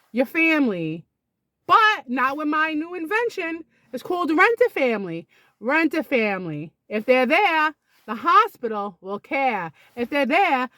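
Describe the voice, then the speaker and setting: A woman's voice: high-pitched, fairly bright tone, dry recording. A middle-aged woman doing a chatty comic monologue, telling stories and acting out the dialogue. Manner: chatty, storytelling, acts out quoted dialogue. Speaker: comedian. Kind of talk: casual comedic monologue.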